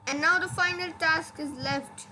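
A woman's voice: very high voice, measured pace, sharp tone. A woman giving casual gameplay commentary, insistent and exasperated, repeating her point over and over. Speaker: gaming video creator. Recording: noisy home recording.

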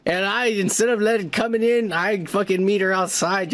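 A man with a fairly high voice hosts a comedy podcast and reads viewer comments aloud. He tells stories in a loose, casual way, swears freely and breaks into laughter often. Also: steady tone, normal speed, few pauses, a bit bright. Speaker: podcast host reading comments. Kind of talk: casual profane storytelling.

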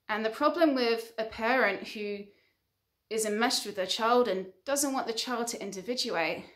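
Lady counselor talking straight to camera, earnest, stacks up her points in lists, middle pitch. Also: fairly bright tone. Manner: earnest, builds points through repeated short lists. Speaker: relationship counselor. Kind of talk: advice monologue to camera.

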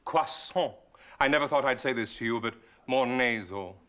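An actor playing a dry, sardonic butler. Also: male voice, mid-range voice, moderate pace, sharp tone, slight background noise, close to an everyday voice. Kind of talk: sitcom acting.

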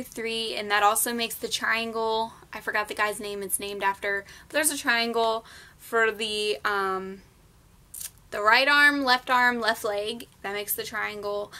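A woman's voice: a little high, bright, forceful tone. A young woman vlogging as a nursing student, recapping her class in a casual, chatty way with frequent ums. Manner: chatty, many ums, explains plainly. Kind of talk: casual study recap vlog.

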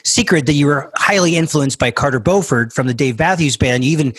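A man in his fifties hosting a podcast over a video call, chatting casually and joking in an animated, exclamatory way. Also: on the high side, fairly quick, breathy edge, dry recording. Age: 50s. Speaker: podcast host. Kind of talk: casual interview chat.

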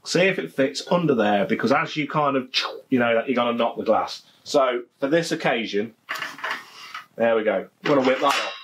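A man's voice: mid-range voice, lively intonation, normal speed, a bit bright, a little hiss or hum. A man with a Leicestershire accent, chatting casually and jokingly as he reviews a beer at home, often repeating his phrases. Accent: Leicestershire English. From England. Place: home garden, outdoors.

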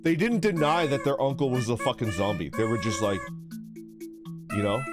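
A man's voice: medium pitch, moderate pace. A young man chatting casually on a livestream, swearing freely and reading chat aloud. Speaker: streamer. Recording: background music.

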